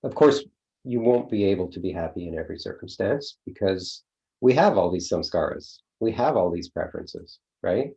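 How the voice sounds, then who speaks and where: A man's voice: low-pitched, expressive, normal speed, vocal fry, dark tone. A middle-aged man leading a course, talking casually with many fillers and a rhetorical "right?". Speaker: course leader. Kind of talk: casual teaching talk. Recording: dull lo-fi sound.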